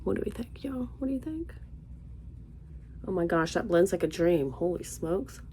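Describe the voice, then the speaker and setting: A woman's voice: fairly low pitch, normal speed, a little hiss or hum. Give me a young woman from Florida chatting animatedly while doing her makeup. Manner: animated, rambling, exclamatory, drops to murmurs while applying. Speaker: beauty vlogger. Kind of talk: casual chatty makeup tutorial.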